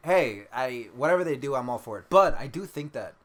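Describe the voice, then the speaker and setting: A man co-hosting a casual fan podcast, excited and swearing freely, often breaking into laughter. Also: medium pitch, a little fast. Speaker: podcast co-host.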